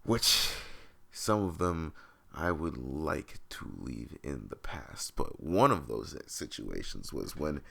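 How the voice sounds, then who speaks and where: Very deep, gravelly young man rambling. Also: sing-song, takes it slowly, pushed and bright. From upstate New York. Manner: rambling, profane, full of fillers and restarts. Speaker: podcast host. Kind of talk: casual storytelling monologue.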